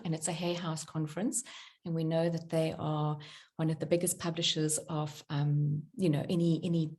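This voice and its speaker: A middle-aged woman, a spiritual author and workshop leader, talking about belief and telling a personal story in an animated way, acting out quotes with many fillers. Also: lowish voice. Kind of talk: conversational talk with personal story.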